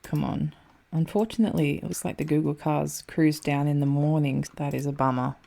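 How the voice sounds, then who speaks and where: A woman's voice: deep voice, steady tone, brisk, vocal fry, mellow. A young Australian woman giving casual, frantic commentary while playing a map game, swearing under her breath.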